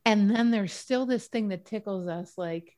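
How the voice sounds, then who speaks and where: Animated chatty woman guest. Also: medium pitch, moderate pace. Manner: animated, chatty, playful with vivid analogies. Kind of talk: casual conversational interview.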